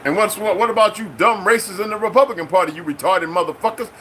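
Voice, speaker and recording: A man's voice: high-pitched, fast talker, few pauses, bright, forceful tone, slight background noise. Profane, heated man ranting. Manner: mimics other people in quoted exchanges. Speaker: channel host. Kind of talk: unscripted political rant.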